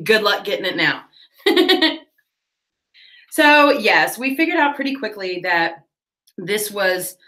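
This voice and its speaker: A woman chatting casually on her livestream, telling a rambling story with quick laughs while she cleans her tack. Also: mid-range voice, sharp tone. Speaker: livestream host.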